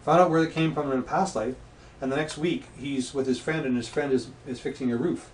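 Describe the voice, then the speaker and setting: A mid-pitched man chats as a guest, spinning anecdotes and playing out the voices of the people in them. He sounds set back from the mic in a roomy, echoing space, with a faint hiss underneath. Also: a little fast. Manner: anecdotal storyteller who acts out quoted voices. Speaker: guest, past life regression practitioner. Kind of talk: casual interview chat. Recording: echoey room, distant mic, faint noise.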